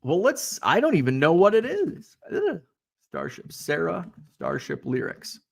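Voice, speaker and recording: A man's voice: a little high, wildly swooping pitch, measured pace, gravelly, slightly rough. Chatty man rambling through a live stream. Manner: rambling, reads viewer comments aloud with fillers. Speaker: livestream host reading chat. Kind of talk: casual livestream chat.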